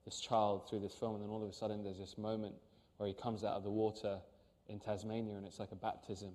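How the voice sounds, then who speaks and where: A man, an actor, talking earnestly and haltingly in an interview on stage, with many restarts. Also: fairly low pitch, little pitch movement, warm tone, long reverb tail. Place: on a stage before an audience.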